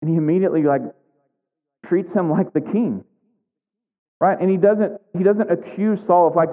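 A man's voice: sits high, normal speed, pauses often, in a large hall, phone-quality sound. A man reading scripture and preaching, chatty and conversational, often checking in with "right?". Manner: conversational, keeps asking "right?". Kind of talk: Bible reading and sermon.

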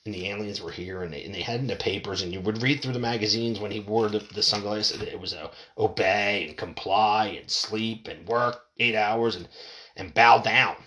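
A man's voice: on the low side, moderate pace, sharp tone, a little hiss or hum. A middle-aged man ranting heatedly and profanely into a desk mic at home. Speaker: podcaster. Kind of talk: ranting monologue. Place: home room, window open.

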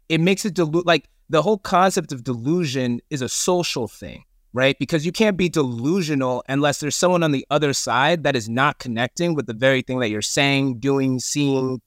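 A man's voice: mid-range voice, dry recording, studio quality. A man talking as a podcast guest, earnest and emphatic, with casual slang. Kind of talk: conversational interview.

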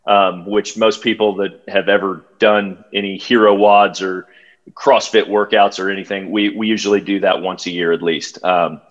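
A man, a podcast guest telling a story in a halting way, full of fillers and restarts. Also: deep voice, flat delivery. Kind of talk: casual storytelling. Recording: dull lo-fi sound.

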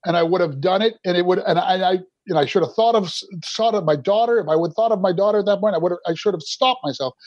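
Podcast guest: middle-aged man from Canada, higher voice, rambling and candid, dull dry remote audio. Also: fast, few pauses, a little mellow, dry recording. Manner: rambling, restarts often. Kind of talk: candid recovery story.

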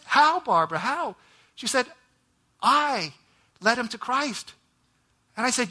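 Guy preaching his testimony, high bright voice, earnest storyteller. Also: animated, slow pace, long pauses. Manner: earnest storytelling, voice rising high when emotional. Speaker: ministry president. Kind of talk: testimony sermon.

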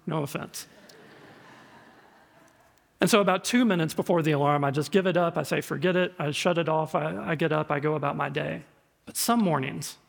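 Gravelly preacher in echoey church. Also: male voice, on the high side. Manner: storytelling, conversational, repeats words. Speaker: pastor. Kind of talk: sermon. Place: church sanctuary. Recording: echoey hall reverb.

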